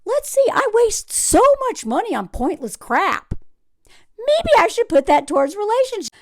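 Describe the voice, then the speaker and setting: A woman's voice: very high voice, sing-song, moderate pace, no echo, clean studio sound, pitched above the performer's own voice, full character voice. A woman voicing a clueless young tech-bro man who wastes money, in a mocking, dim-sounding way.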